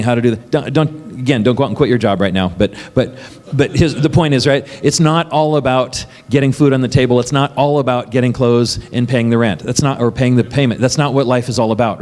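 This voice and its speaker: A man preaches a sermon as pastor, talking conversationally and tossing questions to the congregation. He laughs often between points. His voice sits at a middle pitch and rings with a long reverb in the church hall. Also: darkish tone.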